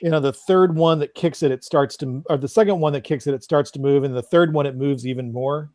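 A man narrating a tabletop game as game master over an online call, relaxed and halting as he searches for words. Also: fairly high pitch, dry recording.

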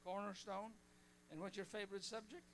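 A man's voice: sits high, little pitch movement, brisk, a bit bright, a little hiss or hum. An older man preaching a sermon in church, telling stories in a joking, folksy way. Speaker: pastor.

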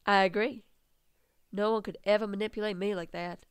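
A woman's voice: mid-range voice, fairly even intonation, a little slow, pauses often, smooth, no echo. A young woman casually commenting on a game she is playing, crude and giggly, muttering asides into a close mic. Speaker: gaming video host. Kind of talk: casual let's-play commentary.

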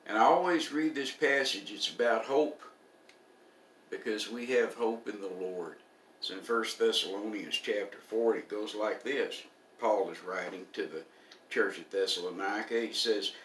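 Older folksy preacher, bright and roomy. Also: male voice, on the low side, normal speed, recorded from a distance, a little hiss or hum. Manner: folksy, homespun humor. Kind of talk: sermon.

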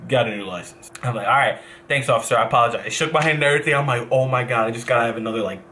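A young man from New Jersey tells a long story in a casual vlog, rambling, backtracking and cursing as he goes. His voice is bright and forceful at an ordinary pitch. A faint hiss of noise sits under the recording. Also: rapid-fire. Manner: rambling, animated, swears and backtracks often. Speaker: vlogger, professional gamer.

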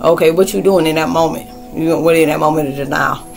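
Animated, slangy woman vlogger. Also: sits low, fast, vocal fry, soft background music. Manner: loose, animated, slangy, acts out quoted friends. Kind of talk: casual spoken vlog, talking to viewers.

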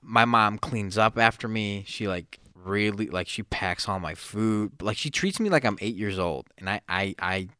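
A young man on a podcast, telling stories in a casual chat, laughing often and breaking into sudden loud bursts. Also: fairly low pitch, normal speed, hardly any pauses, clean tone, no echo, clean studio sound. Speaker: podcast co-host.

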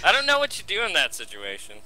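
Bright, lively man, teasing co-host tone. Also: high voice, fast, soft background music, rough recording. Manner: teasing, amused. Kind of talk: casual chat.

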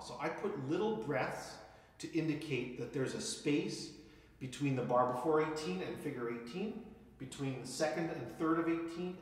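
A man teaching viola, calling out counts, accents and dynamics as he demonstrates, then explaining calmly. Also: fairly high pitch. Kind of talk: instructional music lesson. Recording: echoey room with viola playing. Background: viola playing.

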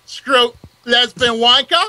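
A man putting on the voice of a tough guy who acts indignant at being insulted, in a mock-offended, drawn-out delivery. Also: very high-pitched, pushed and bright, slight background noise, heavily acted.

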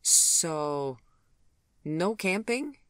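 Flustered, teasing grandmother, read by the narrator, pitched well up and close-miked. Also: a little slow, fairly bright tone, no echo, close to an everyday voice. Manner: teasing, then awkward and defensive. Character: flustered new grandmother, a woman.

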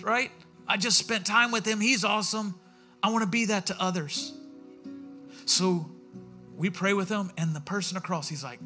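A man's voice: high-pitched, normal speed, long pauses, pushed and bright, soft background music. A man, a pastor giving a sermon in a conversational, storytelling way, acting out the voices he quotes. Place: church sanctuary.

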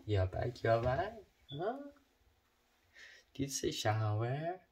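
A man's voice: mid-range voice, lively intonation, slow, darkish tone. A man at home coaxing his pet bird in repetitive baby talk, asking the same questions over and over. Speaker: pet owner.

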